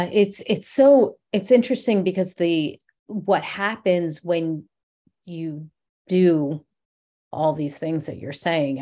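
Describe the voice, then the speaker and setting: A woman's voice: sits low, warm tone. A woman hosting a podcast, speaking with enthusiasm and rambling a little as she chats. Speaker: podcast host. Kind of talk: casual interview chat.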